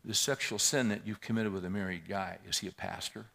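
A middle-aged man preaching a sermon as pastor, shifting between loud scripture reading and quiet storytelling. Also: low-pitched, fairly even intonation, brisk, creaky.

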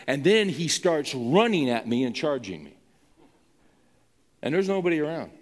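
A man's voice: a little high, big pitch swings, normal speed, big-room sound. A male pastor preaching and telling a story in an emphatic, conversational way. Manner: emphatic, conversational, with frequent restarts. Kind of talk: sermon storytelling.

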